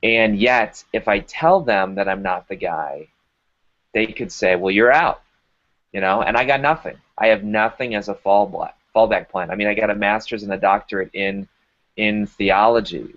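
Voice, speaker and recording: Animated man telling a story, lo-fi. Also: lowish voice. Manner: energetic, emphatic storyteller who acts out dialogue. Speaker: guest. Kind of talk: storytelling interview.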